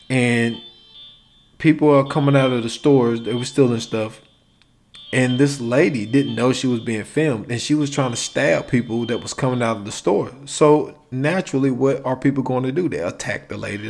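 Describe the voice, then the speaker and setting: Male solo podcast host, casual conversational delivery, medium pitch, faint music under the voice. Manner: casual, conversational, acts out quoted exchanges.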